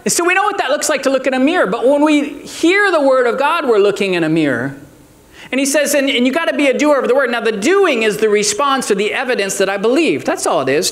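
A man in his forties preaching a sermon, animated, with self-mocking humor and rising, shouted declarations. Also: extremely high pitch. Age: 40s. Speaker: pastor.

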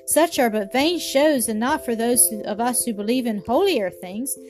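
Woman reading as a gentle, grave pilgrim woman. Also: high-pitched, animated, a little slow, soft background music. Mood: solemn. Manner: soft, solemn, old-fashioned speech.

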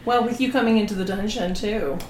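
A woman's voice: medium pitch, brisk, darkish tone. A woman hosting a podcast, reacting eagerly and laughing a lot. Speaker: podcast host. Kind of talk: casual chat. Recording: echoey room with faint noise.

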